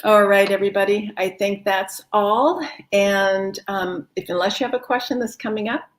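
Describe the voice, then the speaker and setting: A woman with a mid-pitched voice guides a live online wellness class. She speaks in a warm, encouraging, chatty way and laughs easily. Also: fairly even intonation, moderate pace. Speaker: wellness teacher. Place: home, no kids in the house.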